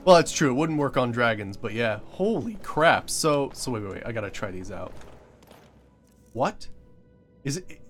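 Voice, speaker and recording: A young man giving live gameplay commentary, excitable, laughing and exclaiming often. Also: mid-range voice, moderate pace, pauses often, soft background music. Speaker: game streamer.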